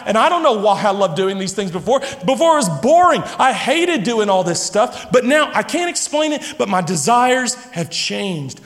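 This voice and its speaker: A middle-aged man preaching a sermon to a congregation, animated, now and then acting out the voices of his listeners and his children. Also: very high voice, normal speed, hardly any pauses. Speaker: pastor. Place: church sanctuary. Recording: long reverb of a large hall.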